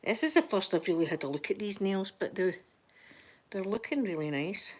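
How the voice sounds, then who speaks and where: A Scottish woman chatting softly for a live ASMR stream, easy and rambling, slipping now and then into whispers, close to the microphone. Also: mid-range voice, expressive, normal speed. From Scotland. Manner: soft-spoken, chatty, drifting into whispers. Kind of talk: soft-spoken ASMR chat.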